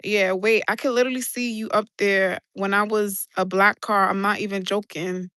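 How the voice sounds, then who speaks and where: A woman's voice: medium pitch, fairly even intonation, normal speed, fairly bright tone, no echo, studio quality. A young woman hosting a casual live stream on her phone outdoors at night, chatting and reading out viewer comments. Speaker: livestream host. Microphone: phone held in hand.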